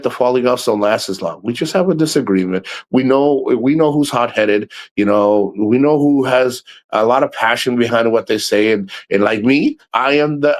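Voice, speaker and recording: A middle-aged man hosting a livestream, talking in a rambling, blunt and profane way. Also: medium pitch. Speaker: livestream host. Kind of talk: casual livestream talk.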